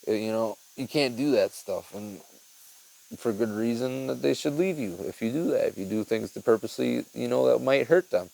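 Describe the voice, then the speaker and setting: Gravelly-voiced man rambling casually. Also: medium pitch, normal speed, a little mellow, rough recording. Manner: rambling, profane, heartfelt, many fillers. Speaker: podcast host. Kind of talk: casual monologue.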